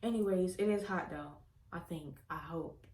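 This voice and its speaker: A woman's voice: fairly low pitch, normal speed, darkish tone, slight background noise. A woman chatting expressively to her viewers while eating, in a casual mukbang vlog. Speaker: vlogger. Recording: echoey room.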